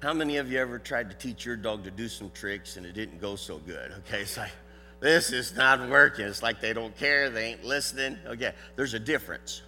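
An older man with a Southern US drawl preaches in a folksy, loud, animated way. His voice is bright and forceful. It rings through a hall with a long echo, and faint music sits underneath. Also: on the low side, brisk, hardly any pauses. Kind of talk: sermon with a live dog demonstration.

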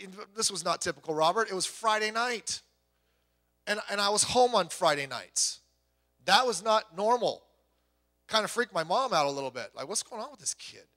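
A bright, high-pitched man in his fifties preaching in a big hall with long reverb. He tells stories with animated voices for the people in them and drops to a hush before rising loud again. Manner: animated storytelling, acts out quoted voices, swings from loud to hushed. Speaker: pastor. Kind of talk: sermon.

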